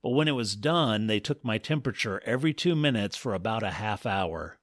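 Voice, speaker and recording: A man telling a comic first-person story in a wry, deadpan manner. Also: fairly low pitch, a little fast, no room sound, clean studio sound. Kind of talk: scripted comic narration.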